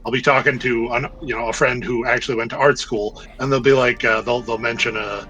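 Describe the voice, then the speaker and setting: A man's voice: medium pitch, steady tone, fairly quick, pushed and bright, highs cut off, faint music behind. A man chatting casually on a live stream, adding dry joking asides. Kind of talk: casual chat.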